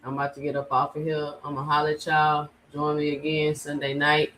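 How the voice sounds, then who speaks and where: Brief: deep-voiced woman host, laid-back, keeps the panel moving. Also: brisk, slight background noise, low-quality recording. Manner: calming, tries to move things along. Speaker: show host. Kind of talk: live-stream show hosting.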